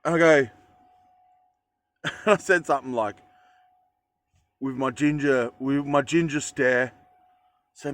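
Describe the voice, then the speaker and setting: A man's voice: medium pitch, takes it slowly, pauses often, a bit bright. An Australian man telling a story in a casual vlog, rambling with fillers and self-corrections. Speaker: vlogger.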